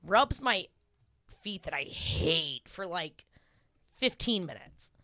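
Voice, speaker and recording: A woman's voice: fairly low pitch, expressive, slow, bright, forceful tone, dry recording, studio quality. A young woman comedian, a podcast guest, telling a story in casual chat, laughing as she acts out quotes.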